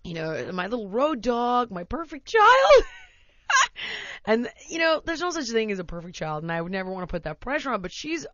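A woman host telling a long story in casual chat, animated and often laughing, acting out her toddler in voices. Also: mid-range voice, a little fast, no room sound, lo-fi sound.

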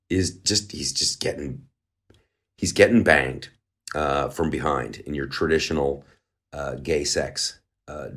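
A man's voice: low voice, a bit bright. A man hosting a podcast, riffing in a loose comedic monologue full of restarts and mocking asides. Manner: rambling, lots of uh fillers and restarts, mocking. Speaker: podcast host. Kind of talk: casual comedic commentary.

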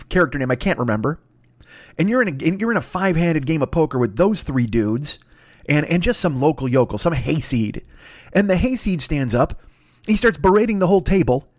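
A middle-aged man hosting a podcast, telling stories in a crude, swearing, animated comedic rant. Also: a little high, brisk, no room sound, clean studio sound. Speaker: podcast host.

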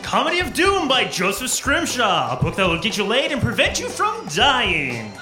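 A man doing a squealing falsetto fan. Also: wildly swooping pitch, normal speed, pushed and bright, echoey room, faint music behind, heavily acted. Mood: giddy. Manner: squealing, giddy. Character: gushing over-the-top fan reviewer, falsetto.

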